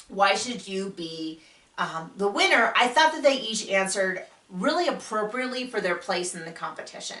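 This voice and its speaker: A woman hosting a casual spoken TV recap, chatty and enthusiastic, acting out quotes with sudden jumps in pitch. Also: pushed and bright, far from the mic. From United States. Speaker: podcast host reviewing a TV show. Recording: echoey room, voice a bit off-mic.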